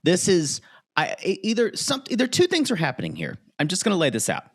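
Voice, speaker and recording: A man's voice: wildly swooping pitch, fairly quick. A man in his forties co-hosting a podcast in casual chat, joking with a sarcastic edge. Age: 40s. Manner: sarcastic, joking, swings pitch a lot. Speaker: podcast co-host.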